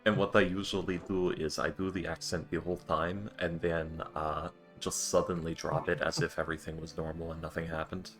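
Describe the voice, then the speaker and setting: A man's voice: deep voice, little pitch movement, brisk, few pauses, a bit bright, faint music behind. A man playing in an online tabletop game, chatting casually and rambling through explanations between laughs. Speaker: player.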